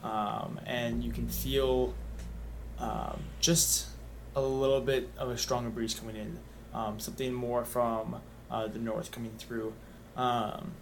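Brief: man, easygoing tabletop game master, mid-range voice, unhurried narration. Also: medium pitch, vocal fry, slight background noise, rough recording. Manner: easygoing, lots of "um", unhurried scene-setting.

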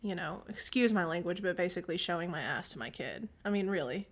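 Brief: woman in her 30s, podcast co-host, lively storyteller who acts out quotes, clears her throat often. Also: fairly low pitch, fast. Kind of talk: casual chat.

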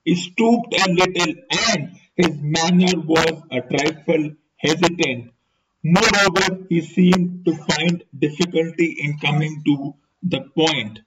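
A man hosting a podcast who reads books aloud in a slow, deliberate narrating voice. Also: fairly high pitch. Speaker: podcast host and reader. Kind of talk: book reading narration. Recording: dull lo-fi recording with steady noise.

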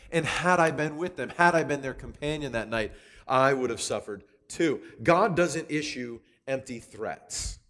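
A man giving a conversational sermon, lively and chatty, often restarting with repeated words. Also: mid-range voice. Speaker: youth speaker teaching from Proverbs.

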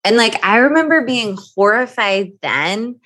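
A woman's voice: on the high side, animated, unhurried, a bit bright, poor audio. A woman guest on a podcast, speaking in candid casual conversation, earnest and heartfelt.

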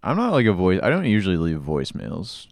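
A man's voice: low-pitched, wildly swooping pitch, fairly quick, gravelly, no echo, studio quality. A young man hosting a podcast, laid-back in casual chat. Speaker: podcast host.

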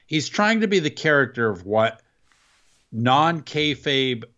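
A wry, exasperated man talks wrestling with a lively, swooping pitch, sighing at the state of the storylines. His voice comes through a dull, lo-fi mic. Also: slow pace. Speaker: podcast co-host. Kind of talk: casual wrestling chat.

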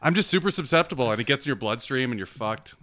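A man's voice: medium pitch, expressive, fast talker, a bit bright. A young man co-hosting a podcast, joking crudely and laughing often as he trades stories. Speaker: podcast co-host. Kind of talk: casual podcast banter.

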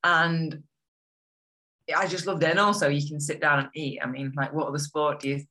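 A woman's voice: sits low, steady tone, normal speed, pushed and bright. A young woman being interviewed, talking in an enthusiastic, chatty way with lots of fillers. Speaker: guest. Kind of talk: casual interview chat.

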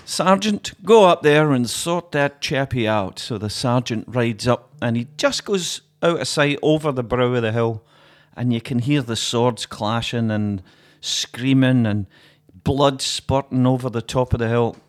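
A man, a podcast co-host, telling a joke and chatting casually, animated and laughing often. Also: medium pitch, measured pace, few pauses.

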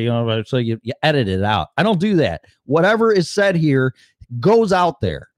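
A man's voice: a little high, very animated, no room sound, clean studio sound. A man hosting a podcast, talking bluntly and swearing often in casual chat. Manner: blunt, swears a lot, quick restarts. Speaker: podcast host.

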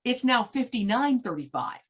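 Middle-aged woman guest retelling events with animated, stumbling drive; fairly high voice, muffled recording. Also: normal speed, a little hiss or hum. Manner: animated, many repeated restarts. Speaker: activist guest. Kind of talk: storytelling interview. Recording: dull lo-fi recording.

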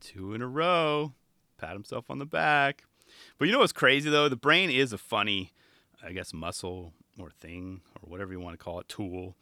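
At a normal pace, a podcast host with a lowish, animated voice that is pushed and bright talks casually and at length about a skate video from his home garage. He's laid-back and rambling, performing people's quoted lines. Studio mic, studio quality, no room sound.

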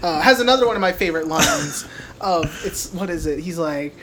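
A man's voice: a little high, lively intonation, fairly quick, noisy background. A man co-hosting a podcast, casually recapping a movie with lots of swearing and laughs, acting out the characters' lines. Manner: profane, laughing, acts out film dialogue in put-on voices. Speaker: podcast co-host.

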